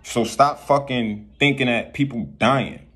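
A man's voice: mid-range voice, fairly even intonation, a little slow, a bit bright, slightly rough. A man delivering a rambling spiritual rant to his viewers, preachy and profane, often repeating himself. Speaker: vlogger.

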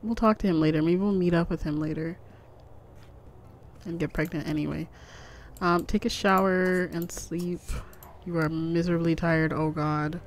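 A young woman speaks at normal speed in a fairly low, steady voice, giving laid-back let's-play commentary on a life-simulation game as a gaming YouTuber. She rambles, giggles, and coos at the pets, with faint music and slight background noise behind her.

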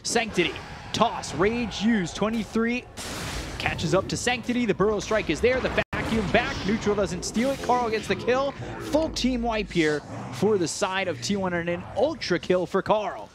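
A man doing play-by-play commentary for an esports match, rattling off action quickly and getting excited during fights. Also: high voice, over music.

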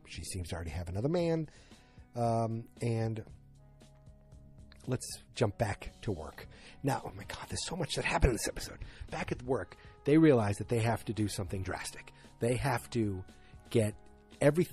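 A man's voice: fairly low pitch, warm tone. A man hosting a podcast, recapping a TV episode in a casual, rambling and enthusiastic way. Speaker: podcast host.

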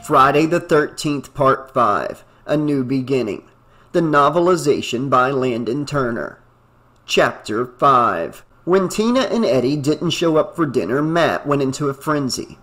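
A man narrating a novel in a steady, even reading voice. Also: medium pitch, a little slow, soft background music. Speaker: audiobook narrator. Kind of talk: scripted narration.

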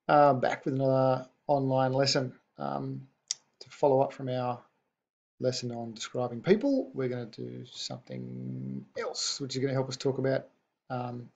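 A male teacher gives a recorded online lesson, repeating each new word slowly and patiently. His voice is gravelly and husky. The recording sounds dull and lo-fi. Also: medium pitch. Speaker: language teacher.

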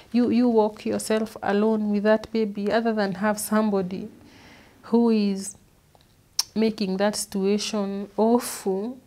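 A woman, an interview guest, recounting a painful personal story in an earnest, halting way, often repeating words. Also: medium pitch, warm tone. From Kenya. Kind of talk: personal testimony.

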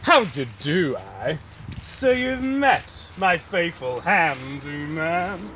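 A man's voice: a little high, very animated, slow pace, sharp tone, a little hiss or hum, heavily acted. A man playing a flamboyant transvestite vampire villain in an amateur comedy film, with campy, sing-song delivery. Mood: camp, sultry. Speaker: amateur actor.

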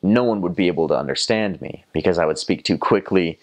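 Young Southern American guy, very deep voice, relaxed and reflective storyteller. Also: brisk. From North Carolina, USA. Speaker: returned missionary. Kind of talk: casual storytelling to camera.

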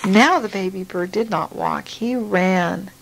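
A woman reading a picture book aloud to a child, gently and slowly, stopping to ask questions. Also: medium pitch, creaky, low-quality recording.

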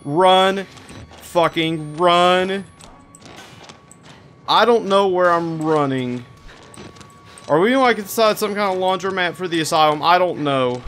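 A man giving frantic commentary while playing a horror game, swearing and shouting at what chases him. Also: high-pitched, lively intonation, moderate pace, soft background music. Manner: panicky, swearing, yelling at enemies. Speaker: gaming video creator.

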